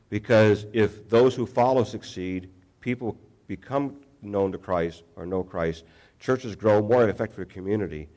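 Conversational male pastor, low-pitched. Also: a little mellow. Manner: conversational, self-deprecating, frequent restarts. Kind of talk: sermon.

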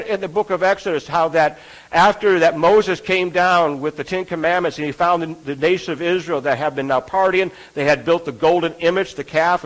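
A man's voice: high-pitched, low-quality recording. A man preaching a sermon in an earnest, conversational way, often asking his listeners rhetorical questions.

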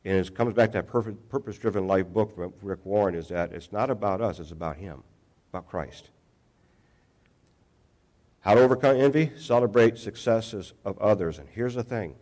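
A man's voice: fairly low pitch, moderate pace, darkish tone. A pastor preaching a sermon in a conversational, self-deprecating way, often restarting his sentences.

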